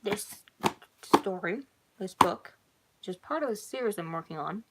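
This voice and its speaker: A woman's voice: medium pitch, lively intonation, normal speed, very noisy. Giggly woman reading her own spooky story.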